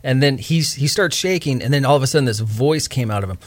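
A man as a ministry guest in an interview, recounting events quickly and with emphasis. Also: mid-range voice, no room sound. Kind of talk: conversational interview.

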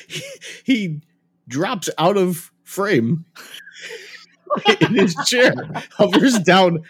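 A man with a slightly husky voice talks about a cartoon in casual chat. His pitch sits a touch high and moves a lot, and he keeps chiming in with eager agreement. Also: lively intonation, extremely slow, a bit bright. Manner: enthusiastic, chimes in with agreement. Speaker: podcast co-host.

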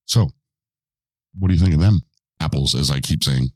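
A man hosts the show with casual, teasing banter and keeps prodding his co-host with questions. His voice sits extremely low with a dark, mellow tone. The sound is dry and close, with faint music behind. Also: moderate pace, no echo.

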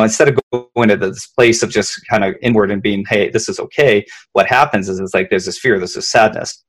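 A man's voice: fairly low pitch, breathy edge. A man, a leadership consultant, explaining emotions conversationally, often repeating words and checking in with "right?".

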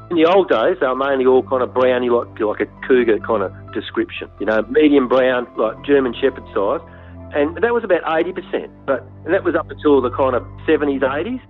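An Australian hunter telling a story in an interview, blunt and animated, with frequent fillers. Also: male voice, medium pitch, breathy edge. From Western Australia. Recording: tinny phone-like sound, faint music.

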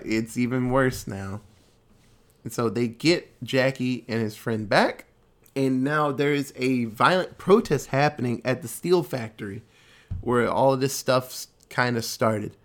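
A man casually recapping a movie plot in a loose, animated way, with lots of fillers and some swearing. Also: medium pitch.

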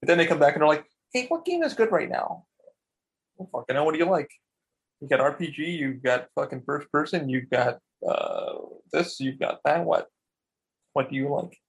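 A man co-hosting a podcast in casual chat, rambling and excitable, swearing a lot and acting out what people said. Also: on the high side, normal speed, gravelly, slightly rough. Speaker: podcast co-host.

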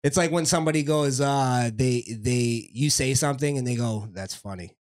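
A man's voice: medium pitch, steady tone, moderate pace. A man co-hosting a podcast in casual chat, joking crudely and laughing often. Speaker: podcast co-host.

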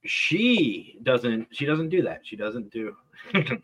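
A man's voice: medium pitch, sing-song, slow, a bit bright. A man hosting a casual comedy panel, calling on guests and telling stories with many stammered restarts. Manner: stammering, joking, storytelling. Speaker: host.

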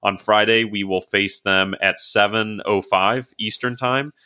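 A man's voice: on the low side, steady tone, a little slow, bright, forceful tone, clean tone. A man co-hosting a casual sports podcast, rambling with lots of fillers before an upbeat sign-off. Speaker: podcast co-host.

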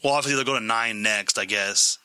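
Bright-voiced man telling lively stories. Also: on the low side, smooth, dry recording. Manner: animated storytelling, quick asides. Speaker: co-host. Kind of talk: casual chat.

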